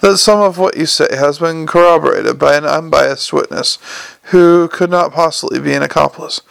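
A courteous, unflappable young police captain, earnest and formal, as a male audiobook narrator reads him. The voice sits a little high with a gravelly edge and a dry, close sound. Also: normal speed, a bit bright, no echo. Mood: politely probing.

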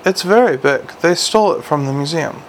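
A man reading a storybook and voicing a frightened, guilt-haunted young male dwarf who talks quietly and stammers. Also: a little high, expressive, fairly quick, slight background noise.

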